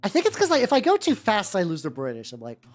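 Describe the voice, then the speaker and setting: Rambling man with a lively voice. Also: sits high, fast talker. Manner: rambling, stumbling self-corrections. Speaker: VTuber streamer. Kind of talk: casual livestream chat while painting miniatures. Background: soft background music.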